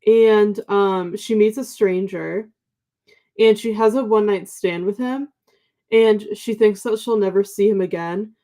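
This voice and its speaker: Young woman, mellow, sleepy morning voice, chatty, lots of ums, casual livestream. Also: medium pitch, steady tone, measured pace. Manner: chatty, many ums and likes, warm thanks to viewers. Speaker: book livestream co-host. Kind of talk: casual livestream chat reading viewer comments.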